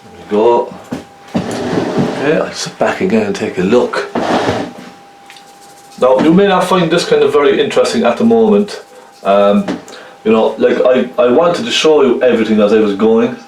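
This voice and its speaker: A man's voice: mid-range voice, lively intonation, moderate pace, a little mellow, reverberant, recorded from a distance, a little hiss or hum, rough recording. A man with a Cork Irish accent giving a chatty painting lesson, often checking in with the viewer. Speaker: painting instructor. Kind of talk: casual painting tutorial.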